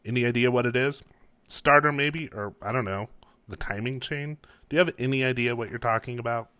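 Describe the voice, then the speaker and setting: A man's voice: medium pitch, fairly quick, bright, forceful tone, clean tone, no room sound, pitched above the performer's own voice, lightly acted. Man reading sarcastic young woman, needling, dry close sound. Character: exasperated, sharp-tongued young woman.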